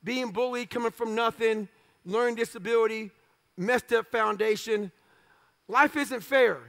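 Male motivational speaker, very high gravelly voice, blunt and profane, self-deprecating storyteller. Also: measured pace, a bit bright. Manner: punchy clipped phrases.

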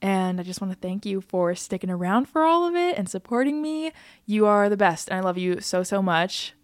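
A young American woman hosting a podcast, chatting casually and bubbly, speeding up in quick bursts with frequent laughs. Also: mid-range voice, lively intonation, no echo, clean studio sound. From United States. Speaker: podcast host.

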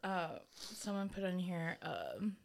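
A young woman in casual chat, animated, acting out quoted voices and laughing often. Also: lowish voice, slow pace, gravelly.

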